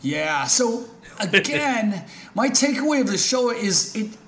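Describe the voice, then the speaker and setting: A man co-hosting a podcast in casual chat, relaxed and reflective, with some hesitation. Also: sits high, takes it slowly. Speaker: podcast co-host.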